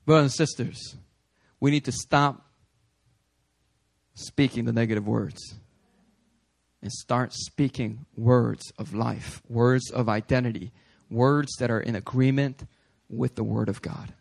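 A pastor in his thirties from New York preaching a sermon at a church service, telling stories with jokes and building to loud, emphatic shouts. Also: medium pitch, fairly even intonation, slow, creaky.

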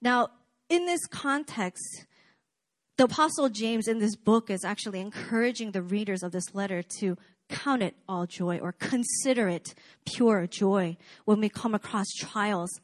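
A woman's voice: medium pitch, unhurried. A woman preaching a sermon in a casual, chatty way, with many fillers and asides to the congregation.

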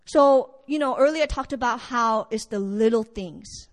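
A woman preaching a sermon, telling a story in a lively way and acting out what the characters say. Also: a little high, moderate pace, few pauses, long reverb tail. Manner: animated storytelling, acts out characters' lines.

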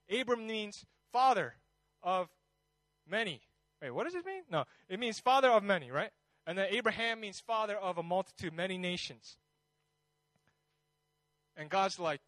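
A male pastor preaching in a relaxed, conversational way, with a high-pitched voice. He tells stories with animated energy. The sound is dry and close, with no room around it. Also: no room sound, rough recording. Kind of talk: sermon.

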